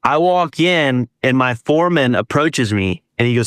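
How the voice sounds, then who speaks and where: A man's voice: mid-range voice, moderate pace, clean tone, no echo. Man telling a ghost story, dry close sound. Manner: animated, acts out dialogue with quoted voices. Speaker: guest. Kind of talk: casual storytelling.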